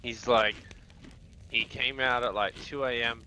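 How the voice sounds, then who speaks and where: A man's voice: medium pitch, fairly even intonation, a little slow, sharp tone, slight background noise, low-quality recording. A man with an Australian accent chatting over game voice chat, swearing and acting out the people in his stories. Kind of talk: casual voice chat while gaming.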